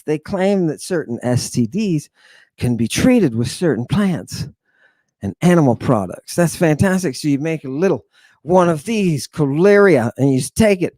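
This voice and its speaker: Lively, excitable male lecturer. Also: high-pitched, dry recording. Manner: excitable, emphatic, jokey and irreverent. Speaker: host lecturing on Greek word meanings. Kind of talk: animated lecture to an online audience.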